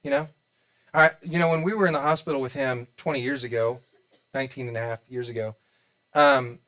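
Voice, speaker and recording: A man's voice: mid-range voice, steady tone, fairly quick, bright, forceful tone. A man in his forties with a Midwestern American accent, preaching a sermon in a church in a conversational, joking way, with many restarts and acted-out quotes. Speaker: pastor. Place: church auditorium.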